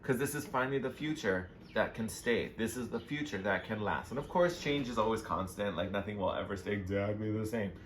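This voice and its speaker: A man doing a casual tarot reading to camera, gushing and excitable about each card. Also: on the low side, brisk, few pauses. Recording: noisy background hiss.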